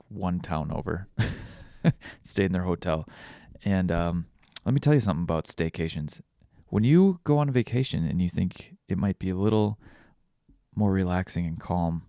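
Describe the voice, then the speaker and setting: Male podcast host, low and gravelly, dry close sound, casual rambling delivery with crude humor. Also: warm tone, no echo. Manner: rambling, self-deprecating, crude jokes. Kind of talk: casual solo podcast monologue.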